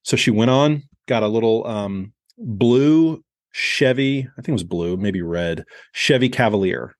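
Man, 40s, podcast host; lowish voice, candid reflective storyteller, dry close sound. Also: lively intonation, dry recording. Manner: reflective, candid, slows down on heavy moments.

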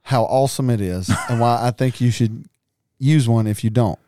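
A man, co-hosting a hunting podcast in a relaxed, rambling chat with frequent laughs. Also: mid-range voice, normal speed, no room sound, studio quality. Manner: laid-back, rambling, laughs often. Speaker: podcast co-host. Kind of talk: casual chat.

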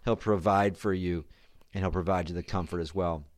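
A man's voice: deep voice, steady tone, moderate pace, no echo. A man giving a devotional talk on a psalm as a pastor, speaking earnestly, often repeating and restarting his words. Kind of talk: devotional sermon.

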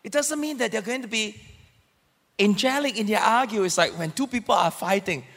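A man preaching about marriage, acting out arguments in a lively, animated way. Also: high voice, fairly quick, vocal fry. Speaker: pastor. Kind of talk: sermon teaching with a couple. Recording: long hall reverb.

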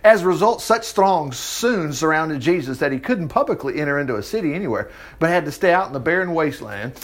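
A man's voice: a little high, a little fast. A man preaching in a folksy way, reading scripture aloud and breaking off into joking asides. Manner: folksy, animated, reads scripture then riffs with jokes and laughs. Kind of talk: conversational Bible teaching with asides.

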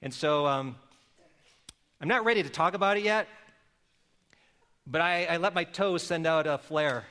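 A man's voice: on the high side, a little slow, pauses often, pushed and bright, in a large hall. A middle-aged man preaching a sermon as a pastor, telling stories in a conversational, playful way and putting questions to the congregation. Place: church service.

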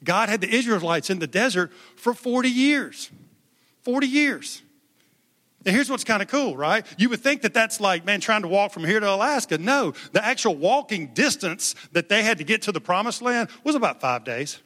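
A man's voice: sits high, animated, a little fast, few pauses, sharp tone. A male pastor preaching a sermon in an emphatic, conversational way, calling on the congregation to respond. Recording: long hall reverb.

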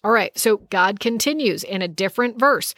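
A woman's voice: mid-range voice, animated, normal speed, a bit bright, no room sound, studio quality. A woman teaching a Bible study lesson, reading verses aloud and explaining them in an emphatic, conversational way.

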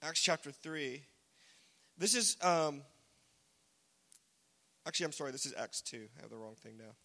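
Man, pastor, high voice, sharp tone, casual joking sermon, reverberant church hall. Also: expressive, normal speed. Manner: casual, joking, shouts words for emphasis.

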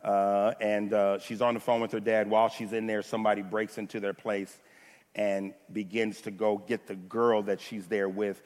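A man's voice: on the low side, little pitch movement, normal speed, a little mellow. A male pastor preaching a sermon, building to fervent repeated lines between chatty asides. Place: church sanctuary. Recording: long reverb of a large hall.

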